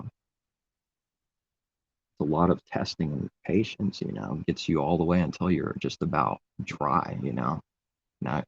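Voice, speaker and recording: A man's voice: a bass voice, creaky, husky, lo-fi sound. A man giving an informal, rambling sermon in a conversational way. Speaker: preacher. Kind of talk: informal live-stream sermon.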